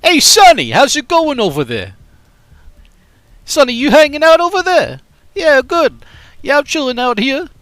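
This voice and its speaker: A man's voice: extremely high pitch, big pitch swings, a little slow, no room sound, pitched above the performer's own voice, full character voice. A man putting on a brash New York street voice and calling out to a friend. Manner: shouty, brash calls.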